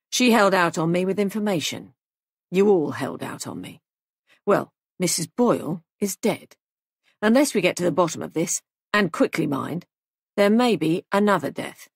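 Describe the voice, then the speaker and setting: A woman's voice: lowish voice, vocal fry, no echo, clean studio sound. A woman voicing a stern male police sergeant in an audiobook, speaking in a firm, clipped, probing way. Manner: firm, clipped, pressing questions.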